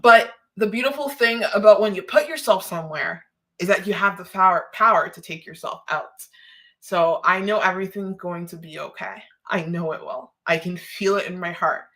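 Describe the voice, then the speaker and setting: A woman's voice: lowish voice, normal speed, pushed and bright. A woman from Canada chatting on a live stream, emotional and close to tears, rambling and laughing often. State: emotional, holding back tears.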